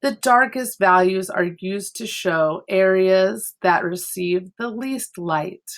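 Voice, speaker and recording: A woman with a medium-pitched voice speaks slowly while teaching an online art class from home. Using a computer mic on a video call, she explains things step by step with chatty asides.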